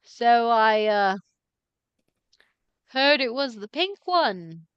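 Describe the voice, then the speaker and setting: A woman's voice: fairly high pitch, animated, extremely slow, clean tone, dry recording. A woman voicing a wary father in a tabletop game, speaking hesitantly and guardedly. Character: wary father, a grown man. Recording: dull, muffled stream audio.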